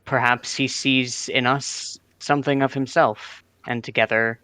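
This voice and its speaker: A man's voice: mid-range voice, little pitch movement, measured pace, bright, forceful tone, clean tone, no room sound. A man player speaking in character during a tabletop game, thoughtful and formal.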